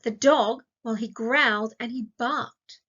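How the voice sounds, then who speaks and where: A woman teacher with an Australian accent, giving a recorded grammar lesson to young children and asking slow, clear, sing-song questions. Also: on the high side, a bit bright, dull audio. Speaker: primary school teacher.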